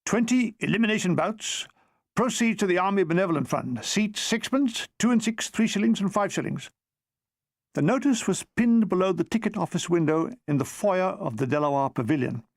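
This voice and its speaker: A man reading a memoir aloud as an audiobook, with expressive comic timing. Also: sits high, moderate pace, no echo, studio quality. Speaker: audiobook reader. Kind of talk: audiobook narration of a war memoir.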